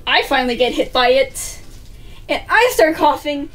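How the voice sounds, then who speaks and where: Woman, high voice, chatty storytime vlog, casual swearing, mic a bit distant. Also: lively intonation, normal speed, fairly bright tone. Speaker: vlogger. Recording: distant mic with faint music.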